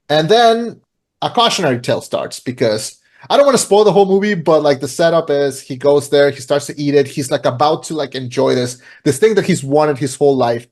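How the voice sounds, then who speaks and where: A man's voice: fairly high pitch, brisk, darkish tone. A podcast co-host chatting casually as he retells a film's plot, with many fillers and restarts.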